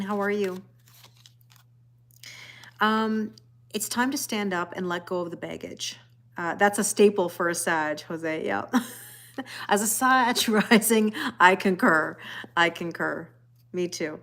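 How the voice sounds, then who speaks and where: A woman in her forties, chatty and laughing often, greeting viewers by name as she reads tarot cards on a live stream. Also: mid-range voice. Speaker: tarot reader. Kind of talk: casual live-stream card reading.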